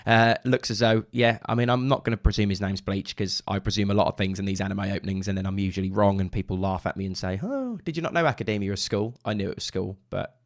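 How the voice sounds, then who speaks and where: A man's voice: deep voice, level tone, fast, hardly any pauses, no echo, clean studio sound. A young man with a Suffolk accent talks casually and rambles while he reacts to music, humming drum rhythms in between. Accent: Suffolk English. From England (Suffolk). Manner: chatty and rambling, enthusiastic bursts, hums drum rhythms. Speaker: drummer reacting to anime openings. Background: faint music from the videos.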